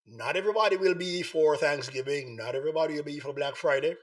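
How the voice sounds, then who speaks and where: A man hosting a live online talk show, hoarse from the flu, repeatedly coaxing viewers to join in. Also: a little high, quick pace. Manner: repetitive, coaxing appeals to viewers. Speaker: host.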